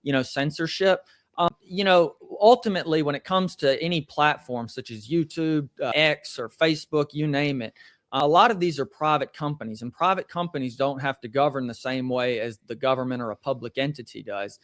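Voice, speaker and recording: A man's voice: fairly high pitch, a bit bright, dry recording. Southern man explaining law, dry sound. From Tennessee, USA. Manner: measured explaining with frequent "you know" and "uh". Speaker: attorney guest. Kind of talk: legal commentary in a podcast interview.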